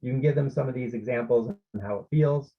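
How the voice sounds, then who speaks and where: Husky gravelly man presenting a webinar. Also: medium pitch, brisk, muffled recording. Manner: explanatory, often checks in with the audience. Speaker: parenting workshop presenter.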